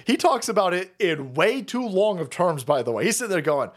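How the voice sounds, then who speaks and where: A man hosting a livestream, ranting profanely and mockingly about politics, often breaking into shouts, while dabbing a bleeding nose. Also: high voice, very animated, fairly quick. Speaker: streamer host.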